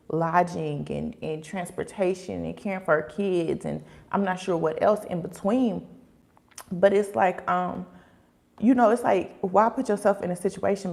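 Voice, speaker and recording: A young woman hosting a casual livestream, talking in an animated way with lots of fillers and acting out quoted voices. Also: lowish voice, creaky.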